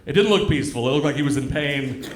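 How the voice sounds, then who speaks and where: A male stand-up comedian telling a story on stage, dry and deadpan, acting out the other people in it. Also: medium pitch, quick pace, heavy background noise. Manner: deadpan storytelling with acted-out quotes. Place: comedy club stage with live audience. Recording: echoey live club room.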